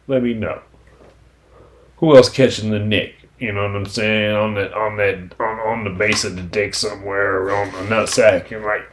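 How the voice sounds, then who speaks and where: Low-voiced man cursing through a rambling monologue. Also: steady tone, normal speed. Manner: profane, rambling, conversational; frequent "you know what I'm saying" fillers. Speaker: podcast host. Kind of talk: casual solo monologue.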